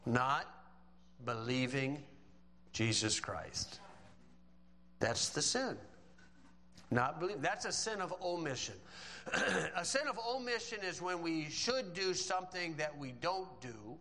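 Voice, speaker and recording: A man's voice: fairly high pitch, bright, forceful tone, long reverb tail, rough recording. A man preaching a sermon in a folksy way, quoting scripture and joking with the congregation. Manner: folksy, joking asides between scripture quotes.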